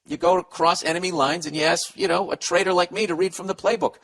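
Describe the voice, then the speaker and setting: A man's voice: high-pitched, fairly even intonation, quick pace, gravelly, fairly bright tone. A man hosting a comedy podcast, answering listener letters in a blunt, profane, rambling rant and stumbling while he reads them aloud. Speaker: podcast host giving advice. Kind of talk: casual comedic advice rant.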